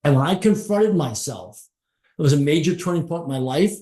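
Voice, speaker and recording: A man's voice: a little high, animated, fairly quick, warm tone. A middle-aged man telling a motivational story as a podcast guest, stacking short repeated phrases for emphasis. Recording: roomy echo.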